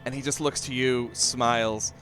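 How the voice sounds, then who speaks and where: A man running a tabletop game as game master, narrating scenes in an unhurried, descriptive way with fillers. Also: mid-range voice, steady tone, fairly bright tone, faint music behind.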